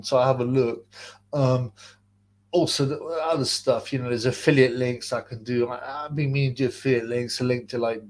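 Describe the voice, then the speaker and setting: A man's voice: medium pitch, a little mellow. Rambling man on a livestream. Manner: rambling and slangy, laughs often, trails off into mumbles. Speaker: live stream host. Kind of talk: casual live-stream chat reading donations and questions.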